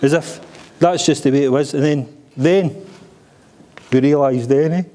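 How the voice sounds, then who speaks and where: A man's voice: on the high side, a little slow, dark tone, slight background noise. A middle-aged Scottish man giving a joking, blunt father-of-the-bride speech at a wedding reception, swearing freely.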